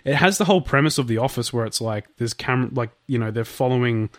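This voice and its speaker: A man's voice: mid-range voice, quick pace, no room sound. A young Australian man co-hosting a podcast, talking in a laid-back, wry way with casual swearing. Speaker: podcast co-host. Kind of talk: casual chat.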